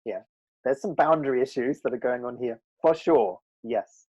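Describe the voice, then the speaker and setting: A man leading an online workshop, animated, laughing often and playing out voices. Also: medium pitch, normal speed, slightly rough, lo-fi sound. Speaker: presenter.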